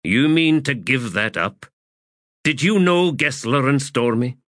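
A man's voice: medium pitch, big pitch swings, unhurried, fairly bright tone, dry recording, studio quality, pitched above the performer's own voice. Guy doing a choked-up old soldier, urgent, audiobook. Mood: anguished. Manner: strained, urgent pleading. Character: anguished veteran soldier man, Fiddler.

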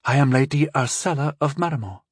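A man's voice: fairly high pitch, animated, normal speed, no echo, clean studio sound, voice pushed up. A man voicing a haughty, wary young noble girl whose voice is a little shaky.

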